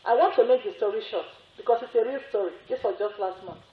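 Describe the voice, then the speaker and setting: High-voiced woman preaching in echoey room. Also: animated, quick pace, hardly any pauses. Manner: repetitive, emphatic storytelling with rising exclamations. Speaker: religious sister preaching. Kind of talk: sermon. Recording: echoey, phone-like narrow sound.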